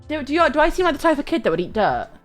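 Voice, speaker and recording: A young woman talks to her livestream chat in an animated, swinging voice. She swears freely and reads comments aloud between stories. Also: high-pitched, racing, soft background music.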